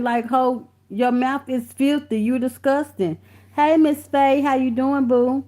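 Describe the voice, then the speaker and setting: A woman's voice: high voice, darkish tone. A woman hosting a casual live stream from her phone or computer, greeting viewers by name and talking bluntly with lots of cursing. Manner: blunt and profane, calling viewers honey and baby. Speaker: livestream host reading viewer comments. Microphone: phone or computer mic.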